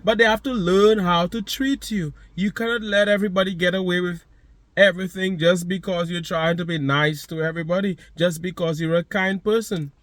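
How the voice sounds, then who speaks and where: A man's voice: sits high, fairly even intonation, brisk, fairly bright tone, no room sound. A man giving a motivational monologue, speaking to the listener directly with emphatic, repeated phrases.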